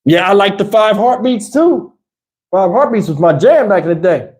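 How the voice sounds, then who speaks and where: A man's voice: high voice, lively intonation, normal speed, darkish tone. A middle-aged man with a Southern US drawl holds a casual live chat. He rambles loosely, laughs a lot and jumps into lines from old movies. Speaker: livestream host.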